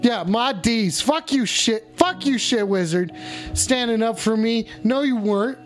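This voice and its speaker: A man with a high voice hosts a comedic livestream, swearing freely and working himself into mock outrage at his viewers. His rants are loud, theatrical and profane. A little music plays faintly beneath him. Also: animated, unhurried. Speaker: livestream show host.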